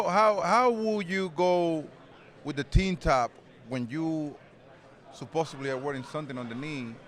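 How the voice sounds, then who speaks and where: Relaxed rambling man, Spanish-accented English. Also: a little high. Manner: loose and rambling, many restarts, laughs easily. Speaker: interview guest, retired baseball player. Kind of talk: casual interview.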